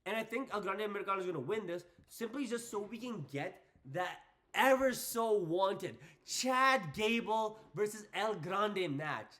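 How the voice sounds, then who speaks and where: A young man hosting a casual wrestling predictions vlog, excitable and hyping things up with repeated phrases. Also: sits high, a little slow. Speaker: wrestling channel host.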